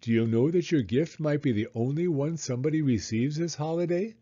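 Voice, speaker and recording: A man's voice: on the high side, a little fast, mellow, no room sound, muffled recording, natural voice. A man voicing a wise owl schoolteacher speaking earnestly to his class.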